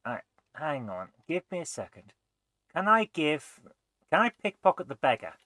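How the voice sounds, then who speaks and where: A man hosting a let's play, thinking aloud and muttering as he tries things, often trailing off quietly. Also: on the high side, big pitch swings, moderate pace, no room sound. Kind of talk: gameplay commentary.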